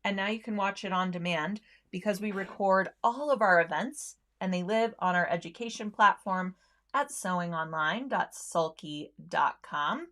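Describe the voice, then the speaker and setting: A woman's voice: mid-range voice, moderate pace, a bit bright. A woman hosting a sewing livestream, chatting casually with viewers, friendly, with lots of ums and easy laughs.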